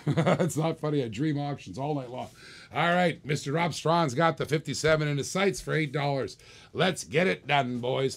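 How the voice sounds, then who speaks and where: A man hosting a live-streamed toy car auction, calling bids in quick repeated bursts with chatty asides to viewers. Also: a little high, vocal fry, fairly bright tone. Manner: rapid repetitive bid calling, chatty asides. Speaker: auctioneer host.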